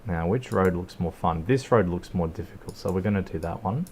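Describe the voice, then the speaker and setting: A man's voice: low voice, a little fast, a little mellow, slight background noise. An Australian man casually commenting on his gameplay in a rambling, laid-back way, swearing and laughing now and then. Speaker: streamer.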